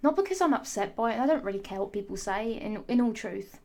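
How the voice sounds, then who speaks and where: A woman's voice: fairly high pitch, animated, fast, warm tone. A young woman, ranting into the camera in a sarcastic, sassy, rambling way and swearing freely. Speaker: vlogger. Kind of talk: ranting casual monologue.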